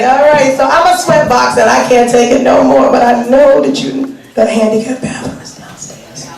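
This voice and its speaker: High-pitched woman roasting the crowd at a comedy club, far off mic, super echoey. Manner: brash, teasing, loud. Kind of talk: stand-up crowd work.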